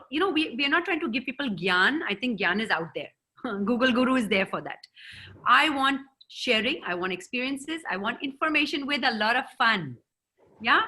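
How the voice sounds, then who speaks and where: A woman gives a lively, encouraging seminar talk and quizzes her listeners. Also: fairly high pitch. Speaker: seminar speaker and trainer. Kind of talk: interactive talk to an audience.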